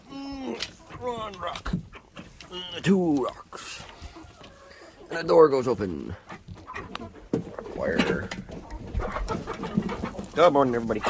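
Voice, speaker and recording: A man's voice: medium pitch, background noise. A man talking casually to his chickens outdoors at the coop, cooing at them and cursing when they peck him. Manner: coos to the birds in a sing-song voice, curses when pecked. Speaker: vlogger keeping chickens. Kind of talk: casual running chatter to his birds.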